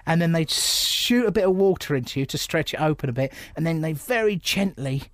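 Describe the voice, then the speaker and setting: A man, a stand-up comedian, answers interview questions in a blunt, joking manner and slips into other people's voices as he tells the story. His voice sits a little high for a man. The sound is dry and close. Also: expressive, a little fast, dry recording.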